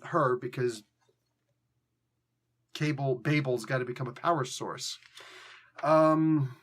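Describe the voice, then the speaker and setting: A man hosting a casual spoken review, rambling and frank, often correcting himself with a joking edge. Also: a little high. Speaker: comic book reviewer and host.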